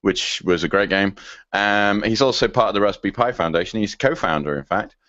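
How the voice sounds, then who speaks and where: A man's voice: lowish voice, brisk, no echo, lo-fi sound. A man co-hosting a podcast in casual chat, laughing often and slipping into funny voices. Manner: laughing, lively, does funny impressions. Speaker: podcast co-host.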